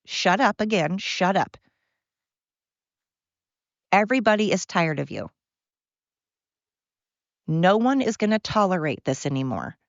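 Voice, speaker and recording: A woman's voice: mid-range voice, lively intonation, measured pace, long pauses, dry recording, muffled recording. A woman hosting her own podcast, ranting in a heated, blunt way and swearing freely. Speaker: podcast host. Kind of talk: solo podcast rant.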